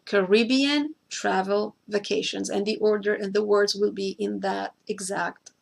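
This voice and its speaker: A woman's voice: mid-range voice, fairly even intonation, unhurried, creaky. A woman hosting a screen-share tutorial, explaining each step carefully, repeating key points and now and then speaking to a co-host by name.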